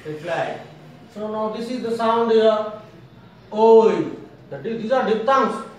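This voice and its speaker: A man's voice: high-pitched, lively intonation, moderate pace, highs cut off. A man teaching pronunciation, repeating each word many times and correcting mistakes. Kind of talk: classroom phonetics lesson with word drills. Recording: echoey room recorded from far off with faint noise.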